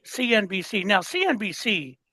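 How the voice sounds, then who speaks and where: A man's voice: high-pitched, big pitch swings, normal speed, bright, forceful tone, husky, no room sound, poor audio. An older man co-hosting a political podcast, ranting with passion and plenty of profanity. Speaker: podcast co-host. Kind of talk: heated political podcast chat.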